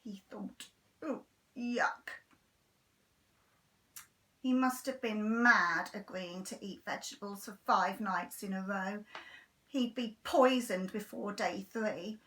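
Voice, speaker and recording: A teacher reading a children's storybook aloud with a lively, expressive delivery. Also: female voice, mid-range voice, a little slow, distant mic.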